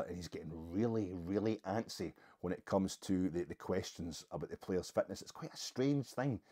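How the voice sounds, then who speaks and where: A man's voice: low voice, warm tone, slightly rough. A middle-aged Scottish man hosting a podcast, giving a football reaction monologue in a camp, gossipy, playfully theatrical manner. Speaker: podcast host.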